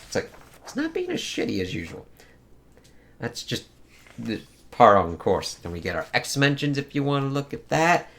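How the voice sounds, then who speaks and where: A man's voice: medium pitch, wildly swooping pitch, moderate pace, long pauses, a bit bright. A man casually reviewing a comic book, rambling and swearing a lot, with many filler phrases.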